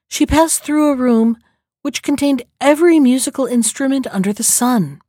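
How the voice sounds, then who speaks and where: A woman reading a fairy tale aloud in a calm, measured storybook manner. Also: on the high side, no echo, clean studio sound.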